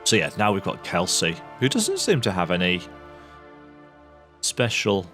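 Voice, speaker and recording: A man's voice: sits low, wildly swooping pitch, a little slow, fairly bright tone, soft background music. A man chatting his way through a video game, thinking aloud and reading game text as he plays. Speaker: video game let's-player. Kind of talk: casual gameplay commentary.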